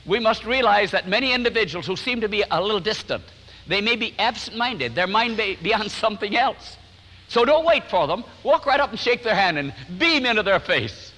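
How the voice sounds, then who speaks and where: A man's voice: sits high, lively intonation, brisk, long reverb tail, low-quality recording. An older man preaching a sermon in a church sanctuary, telling stories and acting out what people said. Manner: warm storytelling, acts out quotes, chuckles often. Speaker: pastor.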